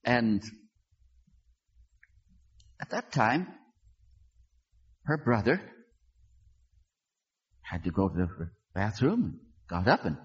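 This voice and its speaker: A man gives a sermon as a pastor and tells the story with drama, swinging his pitch up and down as he acts out the people in it. His voice is slightly husky and sits in a middle register. The recording sounds dull and lo-fi. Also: big pitch swings, takes it slowly, long pauses.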